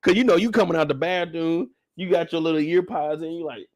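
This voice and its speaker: On a live stream, a man casually recaps a show, speaking in a relaxed but animated way and voicing the characters in exaggerated high tones. His pace is a little fast, and the clean studio recording has no echo.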